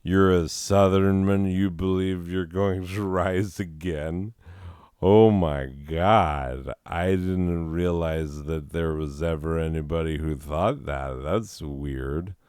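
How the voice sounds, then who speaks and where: Male comedy host with a low, smooth, unhurried delivery, riffing sarcastically. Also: darkish tone, dry recording, studio quality. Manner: sarcastic, mocking, laughs at own jokes. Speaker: comedy host reading listener letters.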